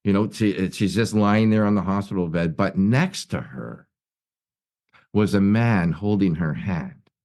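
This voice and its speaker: A guest speaker at a recovery meeting, talking from his office at work, shares his personal story earnestly in a low, darkish voice at a measured pace. His telling is full of restarts and repeated words.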